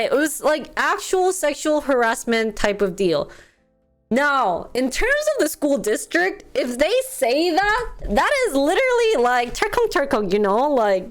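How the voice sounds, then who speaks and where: A woman vlogger telling a story in casual commentary, chatty and animated, acting out quotes with laughs and fillers. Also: on the high side, unhurried, soft background music.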